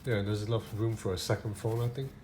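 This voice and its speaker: A man's voice: on the low side, steady tone, quick pace, very noisy. A man reviewing a gadget in a casual unboxing, talking loosely with many fillers and restarts.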